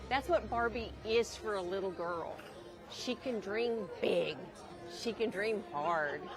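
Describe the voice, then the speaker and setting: Enthusiastic Southern woman at a crowded event. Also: mid-range voice. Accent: Southern American. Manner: enthusiastic, emphatic. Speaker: Barbie collector guest. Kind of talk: live TV interview. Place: indoor collectibles show. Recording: event music and crowd behind.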